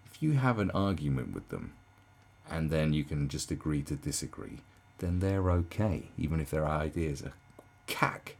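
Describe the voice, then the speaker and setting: Gravelly, incredulous man ranting. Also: big pitch swings, normal speed, a little mellow. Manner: incredulous, swearing, laughing, swings from mocking shrieks to low sad mutters. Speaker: commentator reacting to a video. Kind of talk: ranting reaction commentary.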